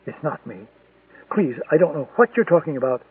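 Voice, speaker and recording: A man's voice: fairly high pitch, very animated, moderate pace, breathy edge, exaggerated voice. A man reading an audiobook voices a frightened but defiant woman, a former militant denying who she is. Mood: frightened pleading. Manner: pleading, insisting denial. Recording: tinny, distant, dry lo-fi recording.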